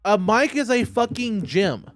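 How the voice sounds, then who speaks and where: A man's voice: high voice, no echo, faint music behind. A man guesting on a podcast as a stand-up comic, talking casually with swearing and laughs. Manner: quick, animated, profane.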